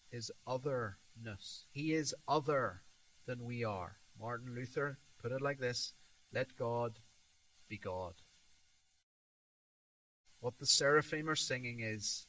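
A man preaching a sermon, slow and emphatic, swelling on repeated words and dropping soft at the ends of his points. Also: mid-range voice, low-quality recording.

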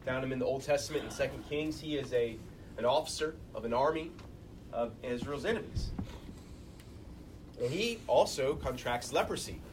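A man's voice: medium pitch, moderate pace, background noise. A man preaching a sermon as pastor, talking casually and acting out the quoted voices of the people he describes. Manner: conversational, acts out quoted voices.

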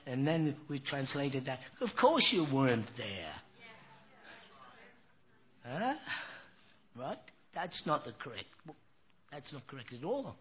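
A man's voice: mid-range voice, animated, slow, pauses often, breathy edge. An older man preaching a sermon, telling stories in a folksy, emphatic way and often saying "you know.". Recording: dull lo-fi recording with faint noise.

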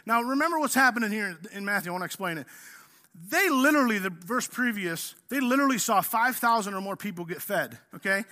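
A male pastor preaching a sermon in a casual, energetic way, acting out the story as he tells it. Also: sits high, quick pace. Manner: energetic, casual preaching, says "man" often; acts out the story.

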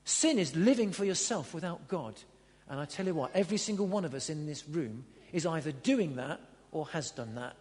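A man preaching a sermon in a church hall, earnest, swinging between loud emphatic lines and quiet low ones. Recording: long hall reverb.

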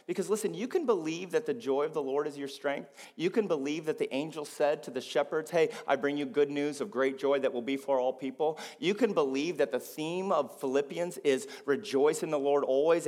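A high-voiced male preacher delivers a sermon in a big church sanctuary, his voice ringing with long reverb. He moves between soft, reasoning stretches and loud, fervent climaxes, calling on the congregation to repeat after him. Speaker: pastor. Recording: long reverb of a large hall.

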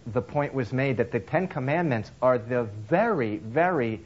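A male preacher talks his way through a sermon in a relaxed, conversational manner, full of restarts and fillers. He slips into characters' voices with big jumps in pitch. The recording sounds somewhat dull and lo-fi. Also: normal speed. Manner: acts out characters' lines with lively swings in pitch. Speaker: pastor. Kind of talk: sermon with a told story.

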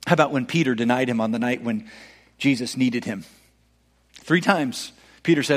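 A man preaching a sermon earnestly, building to emphatic peaks and easing into soft, low endings. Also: normal speed. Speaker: pastor. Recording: long hall reverb.

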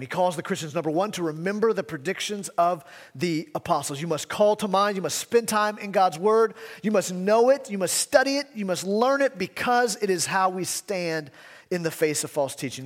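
A man's voice: sits high, long reverb tail. A man preaching a sermon as pastor, emphatic, asking rhetorical questions and repeating key phrases.

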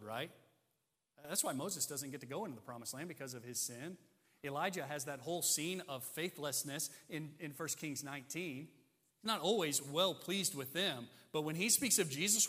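A male pastor preaching with a bright, forceful voice set a little high. He leans on rhetorical questions and swings from ringing emphasis to hushed asides. A long reverb trails each phrase in a big church hall. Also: slightly rough. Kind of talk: sermon.

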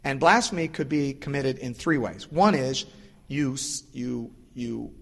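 A man's voice: a little slow, vocal fry. A male pastor giving a casual, explanatory sermon. He acts out the voices of the people in his stories. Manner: casual and explanatory, acts out quoted voices with lively pitch jumps. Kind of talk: conversational sermon. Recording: long reverb of a large hall.

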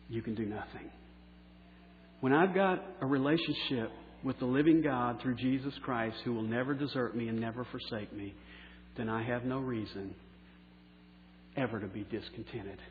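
A pastor preaching a sermon, slowing down for key phrases and letting line endings trail off softly. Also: male voice, medium pitch, a little hiss or hum. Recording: echoey hall on a tinny phone-like line.

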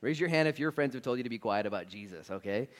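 A male pastor preaching a sermon in a church with energetic, casual and slangy talk. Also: medium pitch, fast.

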